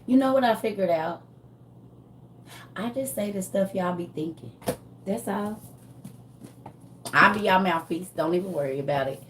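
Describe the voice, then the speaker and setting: A woman delivering a comedic monologue in a slangy, animated way, often breaking into laughter. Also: mid-range voice, moderate pace, pauses often, slight background noise. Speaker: comedian vlogger.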